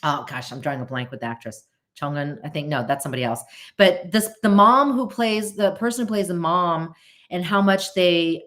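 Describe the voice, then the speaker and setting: A woman's voice: fairly low pitch, fairly bright tone. Earnest emotional woman host. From United States. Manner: earnest, openly emotional, rambling with restarts. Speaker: podcast host. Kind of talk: casual chat.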